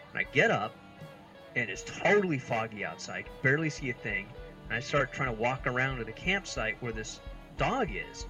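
A man's voice: medium pitch, expressive, brisk, pushed and bright, soft background music, poor audio. A man in his thirties from the United States, a podcast co-host telling rambling, exasperated, self-mocking comic stories. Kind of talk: casual comedic storytelling.

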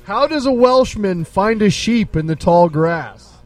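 Man, podcast co-host, high voice, dry teasing, distant from mic. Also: expressive, a little slow, darkish tone, dry recording, faint music behind. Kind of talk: casual chat.

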